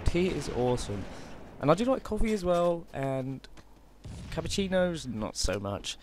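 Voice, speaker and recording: With big pitch swings at medium pitch and a moderate pace, a man from Britain gives casual gameplay commentary amid background noise. He jokes and chats, often hesitating, as the game's gunfire and explosions ring out clearly behind him.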